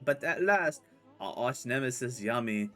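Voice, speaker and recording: A man's voice: medium pitch, lively intonation, a little slow, bright, forceful tone. A man voicing a flamboyant, poetic male swordsman in a theatrical put-on French accent. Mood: grandiose. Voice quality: theatrical, grandiose.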